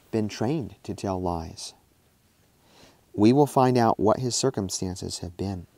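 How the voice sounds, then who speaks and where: A man voicing a gentle frontier mother. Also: on the low side, no room sound. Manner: kind, calm and earnest. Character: gentle truthful frontier mother, adult woman.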